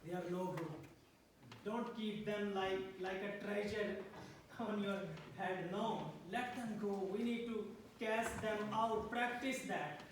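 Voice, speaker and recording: Slow, high-voiced preaching man, echoey church. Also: fairly even intonation, a little hiss or hum. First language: not English. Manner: preaching with frequent "Amen?" calls to the congregation. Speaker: pastor. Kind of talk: sermon. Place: church hall. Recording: echoey room from a distance.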